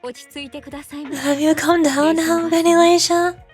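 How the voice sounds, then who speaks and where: Earnest young heroine, read by a woman, high, bright voice, game music behind. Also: fairly even intonation, slow pace. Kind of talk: reading game dialogue aloud.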